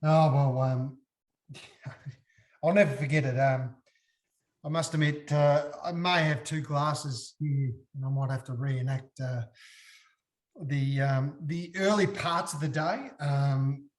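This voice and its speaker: A man's voice: fairly high pitch, slow. A man with an Australian accent, a guest and former footballer, telling an anecdote with props and acting out the scenes as he goes. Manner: lively storyteller, re-enacting scenes. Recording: roomy echo.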